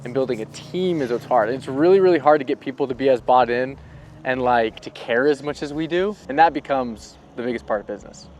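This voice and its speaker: A man in casual vlog chat about running a business, slangy and relaxed. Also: mid-range voice, brisk, slight background noise. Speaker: business co-owner.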